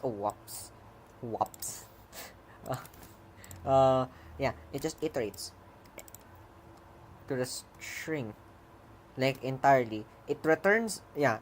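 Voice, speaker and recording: A programmer casually walking through their own code, rambling, correcting themself, laughing often and breaking into excited cheers. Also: medium pitch, a little hiss or hum. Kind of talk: casual coding stream commentary.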